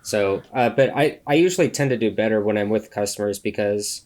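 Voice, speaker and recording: Male co-host, low-ish voice, halting and easygoing. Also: darkish tone. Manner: halting, hesitant, many fillers and restarts. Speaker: podcast co-host. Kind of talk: casual chat.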